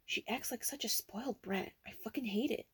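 A woman's voice: fairly high pitch, fairly quick, a bit bright, breathy edge, no echo. A woman putting on a whiny Valley Girl coworker. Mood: bratty complaining. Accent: Valley Girl Californian. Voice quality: uptalking, filler-heavy, bratty.

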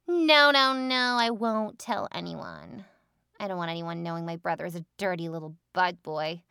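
A woman's voice: on the low side, a little slow, gravelly, pauses often, pushed and bright, clean tone, dry recording, clean studio sound, exaggerated voice. A young woman acting a bossy, taunting role in an adult audio role-play, with a mocking, commanding manner. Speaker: voice actor.

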